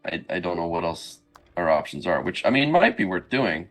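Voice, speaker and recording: A man playing a tabletop game, chatting casually with lots of halting restarts and a teasing edge. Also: low-pitched, a bit bright. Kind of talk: casual tabletop role-play chat.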